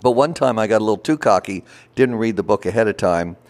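A man from Baltimore telling lively anecdotes as an interview guest, acting out the voices of the people he quotes. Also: lowish voice, fast. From Baltimore, USA. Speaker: guest, voice performer and recording artist. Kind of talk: casual interview storytelling.

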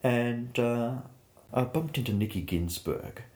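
A man, a painter, telling anecdotes in an animated way during an interview. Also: mid-range voice, takes it slowly. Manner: anecdotal, animated storytelling with laughs.

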